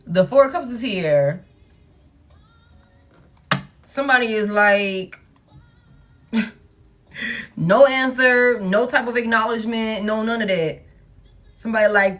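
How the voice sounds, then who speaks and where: A woman's voice: fairly high pitch, normal speed, long pauses, a bit bright, faint music behind. Blunt, profane woman reading tarot. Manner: blunt and profane, with emphatic repetition. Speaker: tarot reader. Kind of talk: casual tarot reading monologue.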